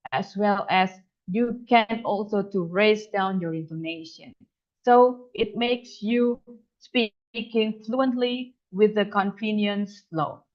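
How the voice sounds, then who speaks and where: Slow, measured woman teacher. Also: a little high. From Indonesia. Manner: methodical, repeats examples, frequent restarts. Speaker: English teacher. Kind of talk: lecture. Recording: dull lo-fi online lecture audio.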